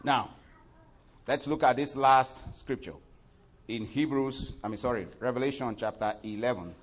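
A man preaching a sermon at a mid-range pitch. His voice climbs loud and high as he reads scripture aloud, then falls back soft and low for his asides. He fills the gaps with "you know" and often corrects himself. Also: normal speed. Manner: frequent fillers and self-corrections.

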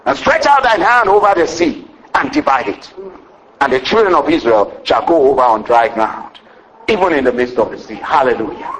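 A man preaching a sermon to a congregation, calling for amens and rising to excited shouts. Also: a little high, rough recording. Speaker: pastor.

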